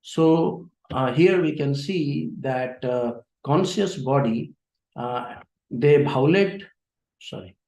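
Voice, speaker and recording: A man giving an introductory conference lecture, speaking haltingly and often pausing on "uh" and "you know". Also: mid-range voice, darkish tone, reverberant, low-quality recording. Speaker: conference presenter.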